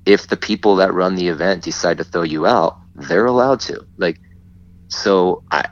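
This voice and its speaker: A man telling a story in casual chat, animated and often laughing as he acts out what others said. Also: sits low, normal speed. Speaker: guest. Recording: dull lo-fi sound.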